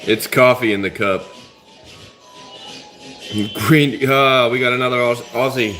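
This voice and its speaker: A man's voice: medium pitch, fairly even intonation, measured pace, long pauses, sharp tone, faint music behind. A man hosting a live stream, chatting casually and rambling with his viewers. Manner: rambling, laid-back, chats with commenters. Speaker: livestream host.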